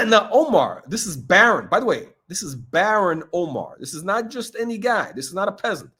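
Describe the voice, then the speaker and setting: A man's voice: high voice, very animated, normal speed, pushed and bright, breathy edge. A middle-aged man hosting a watch channel, chatting in a gossipy, digressive way, full of asides and fillers. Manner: gossipy, digressive, heavy on "you know" fillers. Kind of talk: rambling livestream chat.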